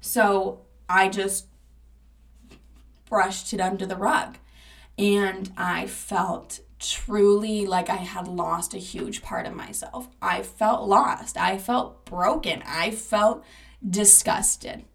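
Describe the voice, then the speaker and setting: A woman's voice: mid-range voice, fairly even intonation, slow, gravelly, fairly bright tone. A young woman hosting a podcast, telling a personal story in a candid, emphatic and often profane way. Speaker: podcast host. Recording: voice a bit distant from the mic.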